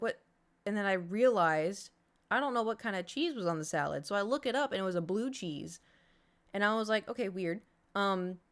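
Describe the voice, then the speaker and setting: A woman streamer casually telling her chat a long story, acting out her own reactions along the way. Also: medium pitch.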